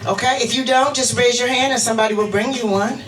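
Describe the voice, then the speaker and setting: A woman's voice: a little high, fast. Woman minister preaching in an echoey church. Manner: animated, leads the congregation in call-and-response chants. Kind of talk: interactive sermon. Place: church sanctuary. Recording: roomy church sound from a distant mic, music behind. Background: music.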